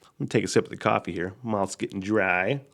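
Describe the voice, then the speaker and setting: A man hosting a solo podcast, telling stories in a rambling, heavily profane way, laughing often and swinging from loud outbursts to quiet mutters. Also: fairly low pitch, fairly quick, vocal fry. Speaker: podcast host. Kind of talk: casual solo podcast monologue.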